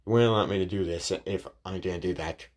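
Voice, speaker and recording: A man voicing an ancient, calm, all-powerful male master who gives quiet, measured commands. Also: low-pitched, lightly acted. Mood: calm, commanding.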